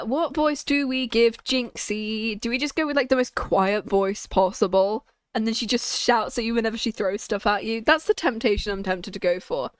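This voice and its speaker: A woman's voice: fairly high pitch, clean tone. Chatty, jokey woman streamer. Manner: chatty, jokey and self-mocking. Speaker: streamer playing a game. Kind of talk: let's play commentary.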